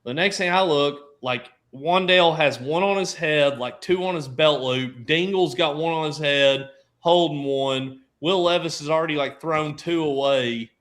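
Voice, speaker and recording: A man on a casual sports roundtable, telling animated stories and acting out quotes from friends. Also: a little high, a little slow. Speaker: podcast panelist.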